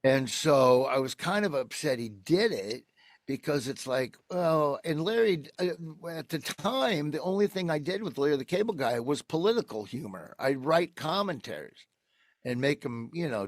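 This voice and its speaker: Animated man telling a story. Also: mid-range voice, normal speed, no echo, studio quality. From United States. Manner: animated storyteller who acts out quoted people. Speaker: comedian guest. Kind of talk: casual storytelling interview.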